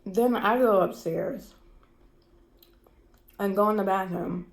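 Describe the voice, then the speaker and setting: A woman's voice: mid-range voice, slow pace. Shaky, stressed woman in a roomy echo. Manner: candid, repetitive, swearing, emotional. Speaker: vlogger. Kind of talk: personal storytime vlog. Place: cold room indoors.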